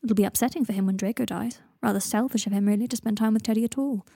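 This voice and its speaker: A woman's voice: medium pitch, fast, vocal fry, dark tone, breathy edge, dry recording. A woman voicing a cool young man with a dry, blunt manner in a story reading.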